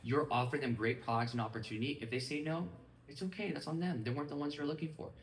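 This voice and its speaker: A man giving an energetic motivational training talk to a live group, often checking that his listeners follow him. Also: fairly high pitch, fast talker. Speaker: business mindset trainer. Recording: echoey room, mic at a distance.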